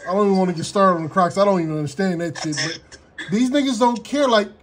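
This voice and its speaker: A man's voice: sits high, fast talker, background noise. A man co-hosting a radio show, laid-back and emphatic, often chiming in to agree. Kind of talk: casual radio chat.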